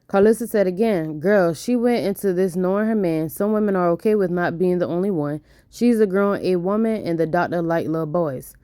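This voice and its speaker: A woman's voice: lowish voice, mellow, smooth, dry recording, clean studio sound. A woman hosting a gossip vlog, recapping news and reading comments in a laid-back, chatty way.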